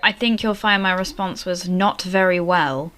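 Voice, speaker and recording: A woman's voice: lowish voice, normal speed, a bit bright. A woman co-hosting a writing podcast in casual chat, wry and laughing. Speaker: podcast co-host.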